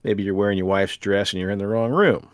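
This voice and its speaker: A man's voice: lowish voice, fast, no room sound, studio quality. A man co-hosting a casual paranormal podcast, reading a news story aloud and laughing often. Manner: animated, laughs often, gravelly. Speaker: podcast co-host.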